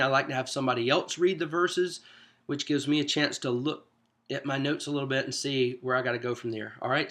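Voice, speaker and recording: A man giving a conversational teacher training lesson, animated and full of rhetorical questions. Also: on the high side. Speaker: small group teaching coach. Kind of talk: teacher training talk to camera.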